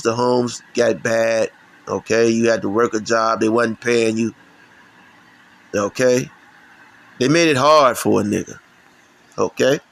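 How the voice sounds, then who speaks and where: A man's voice: mid-range voice, creaky, low-quality recording. A middle-aged man from Chicago giving a heated, profane religious rant, often stumbling and restarting his sentences. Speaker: channel host. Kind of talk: ranting religious commentary.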